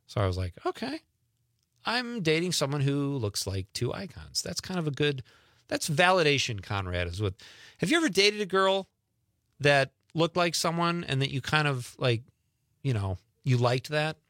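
A man's voice: a little high, big pitch swings, normal speed, a bit bright, no echo. A man hosting an evening radio show, chatting in a rambling way with self-deprecating asides, in a studio. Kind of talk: casual radio chat. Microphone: studio microphone.

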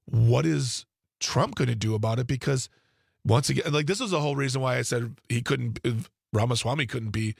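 A man's voice: mid-range voice, moderate pace, creaky, slightly rough, no room sound, clean studio sound. A man discussing politics in a casual back-and-forth with a co-host, talking conversationally with frequent restarts and asides. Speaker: political commentator.

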